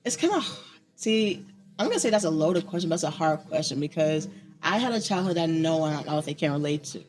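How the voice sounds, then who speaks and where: A young woman from Chicago chatting as an interview guest, lively and quick to laugh. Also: deep voice. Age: young adult. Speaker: guest, poet and open mic host. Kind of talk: casual interview chat.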